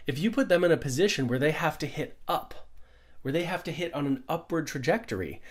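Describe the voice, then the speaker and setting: A man's voice: a little high, lively intonation, a little fast. A middle-aged man, a pickleball coach, giving an upbeat conversational lesson full of rhetorical questions. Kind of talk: instructional explainer.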